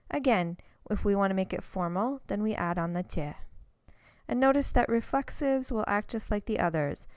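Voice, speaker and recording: A woman teaching a recorded language lesson, explaining step by step and saying example words slowly and carefully. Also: medium pitch, animated, clean tone, no room sound.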